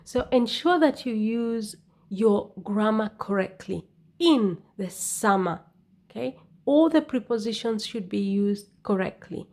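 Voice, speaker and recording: A woman teaching an English exam lesson, speaking deliberately and often checking in with "okay?". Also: medium pitch, lively intonation, darkish tone. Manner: slow, deliberate, repeats "okay?". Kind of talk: scripted lesson narration.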